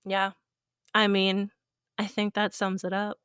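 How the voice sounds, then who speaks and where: A woman's voice: mid-range voice, monotone, takes it slowly, fairly bright tone, smooth, dry recording, studio quality. A woman co-hosting a podcast, talking about a parenting topic in a fiery, passionate, casual way. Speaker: podcast co-host.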